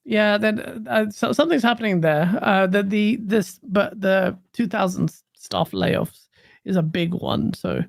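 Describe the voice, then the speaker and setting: A gaming stream co-host ranting casually, animated, swearing and laughing often. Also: medium pitch, measured pace, vocal fry, dry recording, clean studio sound.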